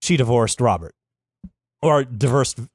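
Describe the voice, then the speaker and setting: A man's voice: mid-range voice, lively intonation, unhurried, a little mellow, breathy edge, no echo. A man hosts a loose podcast chat, walking his friends through a story with crude humor and plenty of "uh"s. His voice sits in a middle register and sounds close and dry, with no room around it. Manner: crude, joking, with frequent fillers. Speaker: podcast host telling a story.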